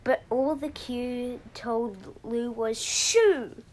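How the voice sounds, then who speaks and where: A woman hosting a podcast, reading a children's story aloud in an expressive, sing-song way. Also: mid-range voice, takes it slowly, slight background noise, low-quality recording. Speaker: storyteller host.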